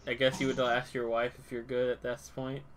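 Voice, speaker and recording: A man's voice: medium pitch, monotone, fairly quick. A man hosting a podcast in casual chat, teasing and pushing his co-hosts along. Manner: teasing, bossy. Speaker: podcast host.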